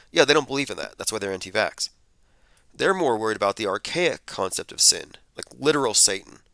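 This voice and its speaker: A man's voice: fairly low pitch, sharp tone, no room sound. A man hosting a commentary show, casually reading headlines and posts and reacting with skepticism. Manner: skeptical, conversational, thinks aloud with fillers. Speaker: podcast host.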